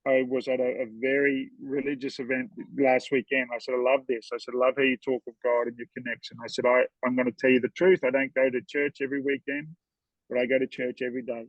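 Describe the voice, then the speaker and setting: A horseman guesting on a podcast tells heartfelt stories earnestly, often repeating words when he's moved. He talks fast in a medium-pitched voice with little pitch movement, and the recording has no room sound and cut-off highs.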